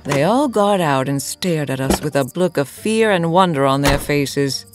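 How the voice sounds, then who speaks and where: A woman playing a sultry, menacing cult leader who talks in a slow, teasing, purring drawl. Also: low voice, lively intonation, over music. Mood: sly. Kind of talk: audio drama acting.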